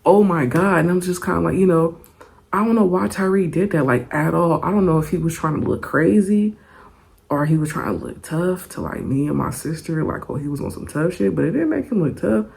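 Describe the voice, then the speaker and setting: A young woman telling a story in a casual storytime vlog, animated and profane, laughing often. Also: on the low side, fairly quick, vocal fry.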